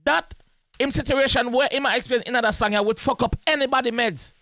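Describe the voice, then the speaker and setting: A man's voice: extremely high pitch, fairly quick, sharp tone, dry recording. A man with a Jamaican accent giving casual, emphatic commentary on a song as host of a reaction video, repeating his points in patois slang.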